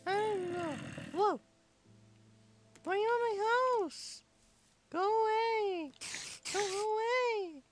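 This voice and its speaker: A man's voice: slow pace, long pauses, soft background music. A man putting on a whiny little boy's voice for a comedic game play-along, rambling rude silly remarks. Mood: childish. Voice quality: squeaky high-pitched.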